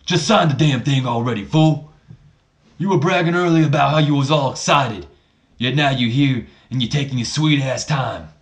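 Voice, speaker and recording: A man doing a put-on voice of an angry wrestler with rough street trash talk. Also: mid-range voice, moderate pace, pitched above the performer's own voice, natural voice. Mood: annoyed.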